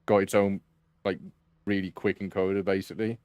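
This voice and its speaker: A man's voice: deep voice, flat delivery, brisk, darkish tone, smooth, no echo. A man streaming sim racing, chatting casually and laughing a lot, trailing off mid-story. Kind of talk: casual chat.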